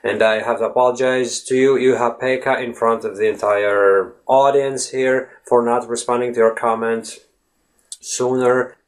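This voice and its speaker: A man's voice: mid-range voice, steady tone, normal speed. Chatty man teaching pronunciation. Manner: talkative, often tags sentences with "right?". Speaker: English fluency teacher. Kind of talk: casual video lesson to camera.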